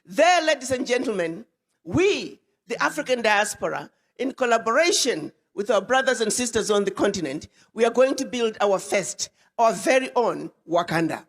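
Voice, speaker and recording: A woman addresses an audience as an ambassador, her voice high and her delivery emphatic, with words repeated for force. The speech rings out with a long reverb tail, like a large hall. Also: expressive, normal speed. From Ghana. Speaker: ambassador giving a public address.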